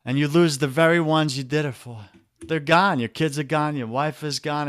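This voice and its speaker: A man with a New York accent speaks as a podcast guest, pressing his points hard and calling the listener brother. His voice sits a little high. The sound is dry and close. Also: lively intonation, normal speed, a bit bright, no room sound. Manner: emphatic, preachy, talks straight to listeners as "brother". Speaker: guest, men's coach. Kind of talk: podcast interview.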